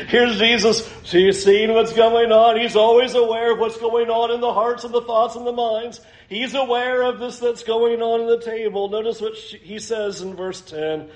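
A male pastor preaching a sermon in a conversational way, talking straight to the congregation with casual fillers. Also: sits high. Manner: conversational, addresses the congregation directly; uses many fillers and hedging phrases. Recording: echoey room.

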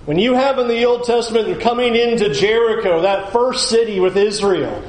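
Emphatic high-voiced male preacher. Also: moderate pace, echoey room, poor audio. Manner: emphatic, urges listeners to picture the scene. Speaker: pastor. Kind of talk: sermon.

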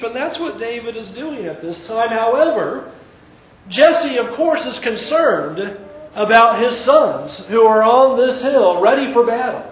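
A man preaching, retelling a story with lively, acted-out dialogue. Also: sits high, echoey room, dull audio. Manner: animated retelling, acting out quoted characters. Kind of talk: sermon storytelling.

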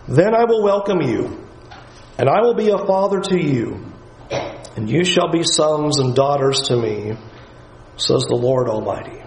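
A man preaching a sermon, earnest and emphatic, at times dropping to a low, quiet voice. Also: expressive, unhurried, long pauses, roomy sound, poor audio.

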